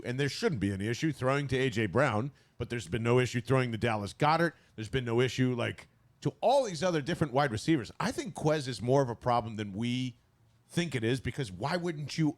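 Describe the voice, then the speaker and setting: Excitable, swearing male podcast host. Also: medium pitch, fairly quick. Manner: animated, excitable, swears freely. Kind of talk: casual sports chat.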